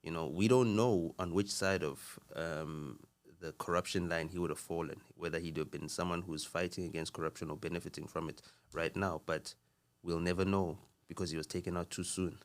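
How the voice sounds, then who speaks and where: Male podcast guest, very deep and monotone, measured and earnest. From South Africa. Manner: earnest, measured, with frequent fillers and restarts. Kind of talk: casual conversational talk.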